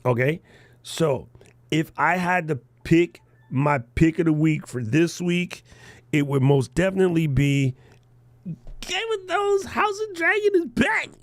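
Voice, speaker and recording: A man hosting a live podcast workshop, animated and joking, laughing as he explains. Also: on the high side, dry recording. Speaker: podcast coaching host.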